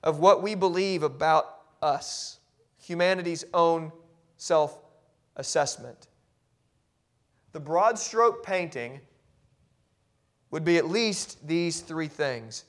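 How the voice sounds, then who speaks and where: A pastor with a high-pitched voice delivers a fervent sermon. He drops low and quiet when musing, then climbs into loud, forceful proclamations, tripping over repeated words as his fervor builds. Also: lively intonation, slow pace, long pauses. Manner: repeats and restarts words when carried along.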